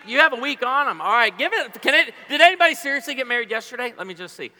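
Man in his forties, preacher, high-pitched, very bright tone, long echo of a big hall. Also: animated, fast, few pauses. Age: 40s. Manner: joking, storytelling, playful banter with the crowd. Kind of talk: humorous sermon to a congregation.

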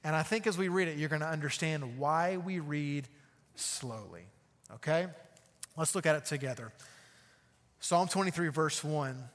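Pastor preaching in a reverberant church. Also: male voice, on the high side, a bit bright. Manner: conversational, punctuates with "okay?", slows to read scripture phrase by phrase. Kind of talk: sermon. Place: church sanctuary.

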